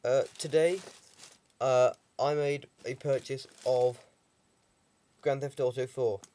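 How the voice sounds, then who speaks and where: A young Englishman with a heavy cold talks through a casual video diary, full of ums and dry, rambling humour. His mid-range voice stays steady, slow and warm.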